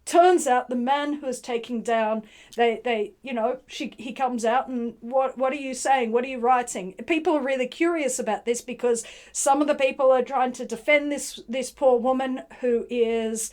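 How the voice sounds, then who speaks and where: A woman with a fairly high voice gives an informal lecture. She retells a play's story in a relaxed, conversational way. She often restarts her sentences as she thinks aloud. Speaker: literary commentator.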